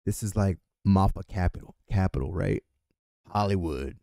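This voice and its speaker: A man's voice: low voice, moderate pace, vocal fry, mellow, no room sound, studio quality. A man from California hosting a political show, ranting angrily and swearing often. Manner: heated, profane, ranting. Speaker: political commentary host. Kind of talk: angry political rant.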